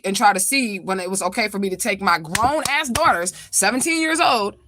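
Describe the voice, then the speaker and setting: A woman's voice: medium pitch, fairly bright tone. A woman from St. Louis, a spiritual reader telling a story in a casual livestream, blunt, profane and rambling. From St. Louis, USA.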